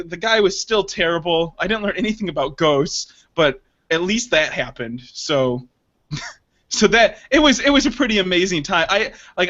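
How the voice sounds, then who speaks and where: A man hosting a casual podcast chat, telling an animated story full of laughter and acted-out quotes. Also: high voice. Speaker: podcast host. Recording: dull lo-fi sound.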